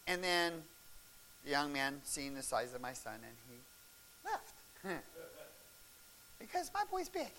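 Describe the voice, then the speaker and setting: A middle-aged man preaches a sermon in a high voice that swings up and down, rising into shouts and laughs at the high points of his stories. His tone is bright and sharp. A faint hiss sits under the recording. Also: very animated, takes it slowly, long pauses. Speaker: pastor. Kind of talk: sermon storytelling.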